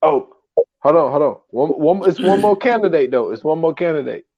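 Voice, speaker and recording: A man's voice: on the high side, big pitch swings, brisk, gravelly, muffled recording. A man guest on a casual movie podcast, making laid-back, slangy remarks. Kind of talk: casual movie recap chat.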